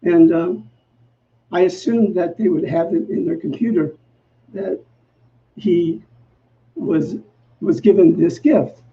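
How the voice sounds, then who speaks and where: A male minister telling a personal story in a sermon, acting out the dialogue in a lively, self-mocking way. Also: sits high, takes it slowly, long pauses. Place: church sanctuary. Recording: muffled recording with faint background noise.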